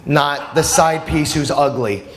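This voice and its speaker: A man from New Jersey performing a stand-up comedy set in a comedy club, animated and breaking into shouted, high-pitched quotes. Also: measured pace, over a noisy crowd. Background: audience laughter.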